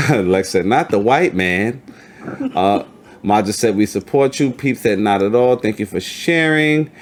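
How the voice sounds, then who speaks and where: A man hosting a casual interview, swearing freely and hyping up his guest while he reads chat comments out loud. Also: fairly low pitch, animated, a little slow. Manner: profane, hype, reads chat comments aloud. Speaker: podcast host. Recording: faint background noise.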